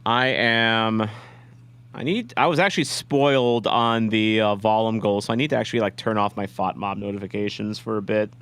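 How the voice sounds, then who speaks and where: A young man talks through a soccer match as its fan host, rambling between plays and getting loud when the action heats up. His voice is bright and clear, a little higher than most men's, and it sits close and dry on the mic. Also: normal speed, dry recording. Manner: excitable, rambling, shouts at big plays. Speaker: fan watch-along host. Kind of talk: live reaction commentary.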